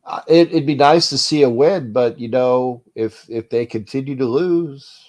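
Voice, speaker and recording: A man with a stuffed-up nose hosts a sports talk show, rambling along at a middling pitch. He trails off into low mutters, restarts his sentences, and then gets loud. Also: a little slow. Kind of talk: uncensored fan rant show.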